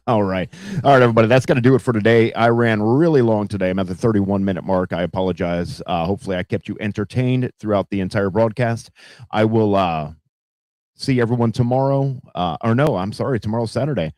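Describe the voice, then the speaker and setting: A man rambles through casual news commentary with plenty of fillers and cursing. His voice is low and mellow. The recording is dry and close. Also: fairly quick, no room sound. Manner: profane, rambling, heavy fillers. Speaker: podcast host.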